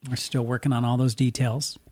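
Radio dj guy on a podcast, mid-pitched voice, slow thoughtful storytelling, does little voices for people. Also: level tone, a crowd in the background. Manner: reflective, halting storyteller who acts out quoted people. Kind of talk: casual podcast conversation.

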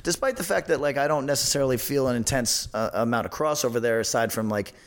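A man hosting a podcast in loose, profane conversation. His voice sits at an ordinary middle pitch. He rambles through restarts with a sardonic edge. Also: quick pace. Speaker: podcast host. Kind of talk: casual podcast chat.

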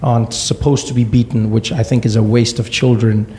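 A man in his thirties from South Africa, telling a stand-up comedy story and acting out quoted voices in sudden high-pitched bursts. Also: flat delivery, fairly quick, very noisy.

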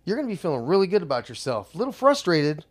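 Male podcast co-host, rowdy and profane, animated storyteller. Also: fairly high pitch, racing, crowd noise. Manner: rowdy, swears a lot, lively storytelling with voices. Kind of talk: casual profane podcast banter.

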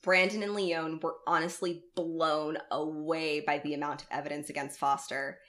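Low-voiced woman narrating, blunt and sweary. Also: level tone, normal speed, a bit bright. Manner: reads the story aloud, breaks in with blunt swearing. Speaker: podcast co-host. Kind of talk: narrating a true story in casual chat.

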